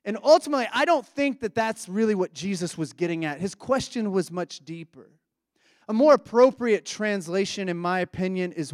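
A man's voice: high-pitched, moderate pace, no room sound, studio quality. A man preaching a sermon in a conversational, reflective way, often asking his listeners questions.

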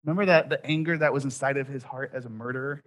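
A man in his thirties preaching a sermon, telling a story with quoted voices and dropping soft at key points. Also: mid-range voice, steady tone, quick pace. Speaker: pastor.

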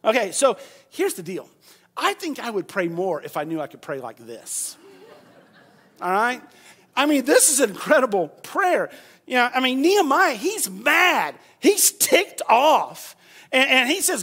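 A man preaching a sermon, moving from quiet storytelling to loud, shouted preaching and leading the congregation in call-and-response. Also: very high voice, very animated, measured pace. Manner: leads the congregation in repeating phrases. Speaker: pastor.

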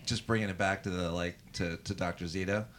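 A man's voice: low voice, fairly even intonation, a little fast, fairly bright tone, soft background music. A man hosting a podcast, rambling in a jokey way with many fillers. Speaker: podcast host.

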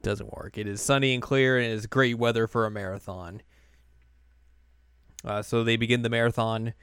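A young man casually recapping anime episodes for a podcast, animated and breaking into quoted voices. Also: medium pitch, normal speed, clean tone, dry recording, studio quality. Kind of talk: casual chat.

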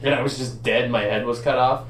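A man's voice: medium pitch, fairly even intonation, fairly quick, far from the mic. A man in casual comedic banter, ranting and swearing with incredulous disbelief. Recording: echoey room, off-mic, faint hum.

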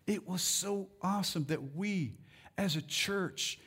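A man preaching a sermon as pastor, building his voice into loud, rousing calls to the congregation. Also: high voice, measured pace, slightly rough.

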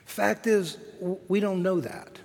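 A man, a cathedral dean, preaching a sermon in slow, measured phrases with emphatic rises. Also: sits high, fairly even intonation, vocal fry, darkish tone. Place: large cathedral. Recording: long hall reverb.

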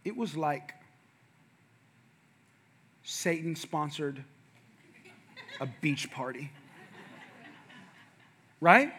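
A man's voice: a little high, animated, drawn-out words, pauses often, fairly bright tone, slight background noise. A middle-aged male pastor telling a funny family story in a playful, conversational sermon, calling out to the congregation.

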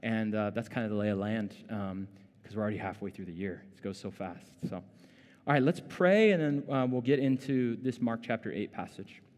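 A man's voice: lowish voice, fairly quick, a little mellow. A man preaching a sermon as pastor, conversational with many fillers, growing more intense when he voices questions. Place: church sanctuary. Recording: long reverb of a church hall.

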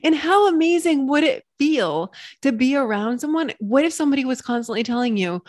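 A woman's voice: animated, brisk, hardly any pauses, a little mellow, dry recording, studio quality. Bubbly woman hosting a solo podcast. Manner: bubbly, swings into high squealing cheerleader praise. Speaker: podcast host and coach. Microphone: computer mic.

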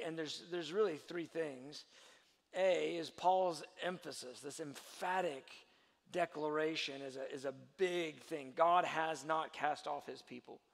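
A man preaching a sermon, building from quiet teaching to loud, emphatic delivery. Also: a little high, vocal fry, in a large hall. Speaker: pastor.

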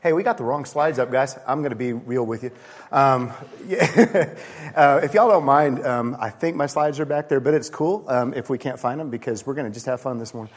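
Casual joking pastor in an echoing hall. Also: male voice, mid-range voice, moderate pace. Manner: casual, joking, self-deprecating. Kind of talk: sermon. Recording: long reverb of a large hall.

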